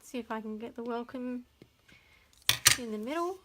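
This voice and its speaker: Working through a live papercraft demonstration, an Australian woman talks chattily to viewers at a normal speed. Her voice sits on the high side, and heavy background noise runs under the recording.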